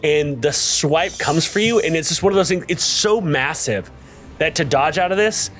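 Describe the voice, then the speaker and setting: A man's voice: fairly high pitch, normal speed, music in the background. A man acting as game master, calling rolls and narrating attacks with frequent ums. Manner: steady, with frequent ums and uhs.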